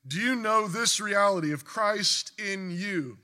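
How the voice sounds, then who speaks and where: A man preaches a sermon at a measured pace in a very bright, ringing voice that sits high for a male. Earnest throughout, he surges into emphatic bursts and often restarts sentences midway.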